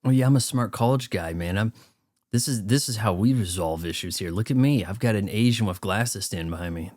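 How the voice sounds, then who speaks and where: A man's voice: on the low side, brisk, darkish tone, no room sound, clean studio sound, natural voice. A man mockingly voicing a smug, boastful male college student who shows off his smarts.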